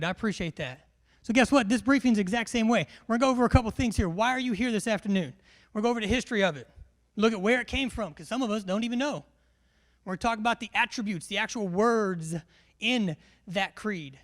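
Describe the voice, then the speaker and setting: A man's voice: extremely high pitch, quick pace, fairly bright tone. Joking man briefing a big class. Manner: joking, quizzes the audience. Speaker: military instructor. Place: large lecture hall.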